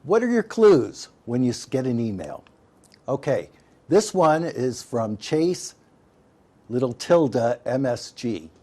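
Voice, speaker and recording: In this digital literacy talk, a man with a medium-pitched, dark-toned voice speaks slowly but with great animation. His delivery on online safety is homespun and forceful, and he keeps addressing the audience as "folks."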